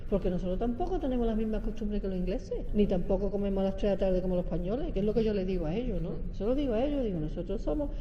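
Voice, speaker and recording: Fast-talking Gibraltarian woman. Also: mid-range voice. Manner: animated, repeats herself. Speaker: interviewee. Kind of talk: casual storytelling, switching between Spanish and English. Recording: echoey, muffled, with background noise.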